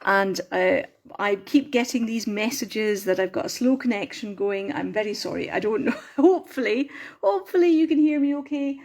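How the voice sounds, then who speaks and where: A woman's voice: medium pitch, expressive, moderate pace, a little mellow. A middle-aged woman hosting a casual craft livestream, chatty and rambling, apologising often and breaking off her own sentences. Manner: chatty, self-interrupting, apologetic. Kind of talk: rambling casual live chat.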